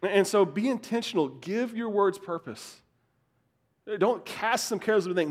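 A young man with a high voice preaches to his church. He talks in an animated way, stumbling over repeated words as he goes. He swings between loud bursts and quiet, close asides. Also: normal speed. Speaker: pastor. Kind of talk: sermon.

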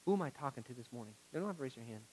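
A male pastor preaching a sermon to his congregation, moving from quiet, intimate words to loud pleading and asking the room questions. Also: mid-range voice, lively intonation, racing, a little hiss or hum, low-quality recording.

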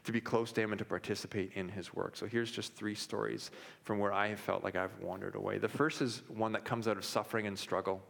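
A man's voice: lowish voice, level tone, fairly quick, creaky, a bit bright. A man in his thirties preaching a sermon, telling candid personal stories with frequent restarts and fillers. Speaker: pastor. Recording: long hall reverb.

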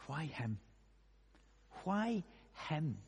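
A man preaching a conversational sermon, musing aloud with many rhetorical questions and moving between hushed and loud delivery. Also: a little high, sing-song, extremely slow, vocal fry, breathy edge. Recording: long echoey hall reverb.

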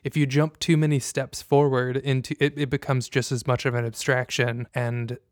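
A man muses aloud in a steady, flat-toned voice that stays smooth and clear. He hosts a casual conversation, thinking out loud and filling pauses with "like" and "you know". The sound is dry and close. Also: mid-range voice, no room sound. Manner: reflective, measured, many fillers.

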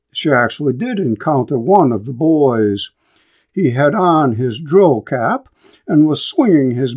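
A man reading a novel aloud and then commenting on it as a lecturer, in a measured, thoughtful way. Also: mid-range voice. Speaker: literature lecturer.

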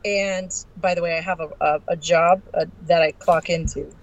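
A woman guest on a podcast, telling a story in a brash, profane and animated way. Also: fairly low pitch, normal speed, muffled recording. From Arizona.

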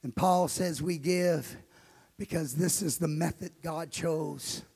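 Male pastor, fiery sing-song sermon, gravelly and husky tone. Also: a little high, slow pace. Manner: shouting, sing-song preaching cadence. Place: church auditorium.

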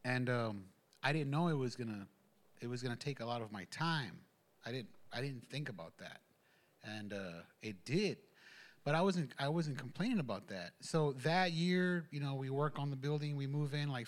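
A man telling a personal testimony at a church gathering, rambling, with many fillers and restarts. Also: mid-range voice. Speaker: church member giving a testimony. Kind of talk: casual spoken testimony.

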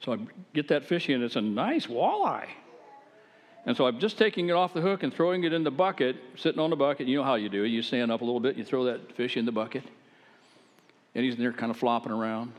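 A man preaching, telling his own testimony in a folksy, animated, conversational way with self-deprecating humor. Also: medium pitch, fast talker. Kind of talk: folksy storytelling sermon. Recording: long hall reverb.

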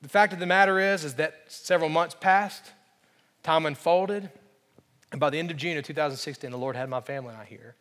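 A man with a high-pitched voice preaches a sermon with earnest emphasis, returning to his key phrases again and again. His voice rings out with a long reverb, as if it fills a large church hall. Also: brisk, fairly bright tone. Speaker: pastor.

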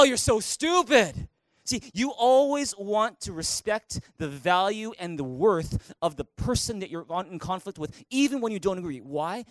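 A middle-aged male pastor preaching a sermon in a church, animated, acting out angry quotes with sudden loud outbursts. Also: high-pitched, no echo. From Canada. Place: church auditorium.

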